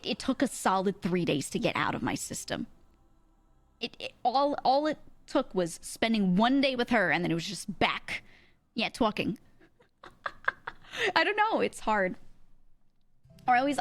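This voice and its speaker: A young woman, chatting casually with her stream audience and laughing often. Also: medium pitch. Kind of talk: casual stream chat, reading chat messages.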